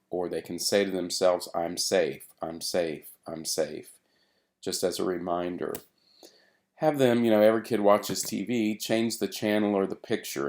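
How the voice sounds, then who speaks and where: A middle-aged man giving a recorded therapy training lecture in a relaxed, conversational way, with frequent fillers and restarts. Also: sits low.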